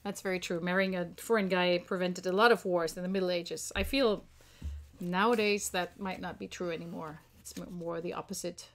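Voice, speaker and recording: A woman co-hosting a livestream, playful and quick to laugh while playing a card game. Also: on the low side, fairly even intonation. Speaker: podcast co-host.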